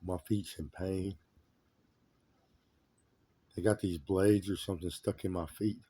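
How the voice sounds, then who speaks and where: A man's voice: low-pitched, steady tone, unhurried, mellow, breathy edge. A man in a rambling, agitated monologue who repeats his complaints emphatically.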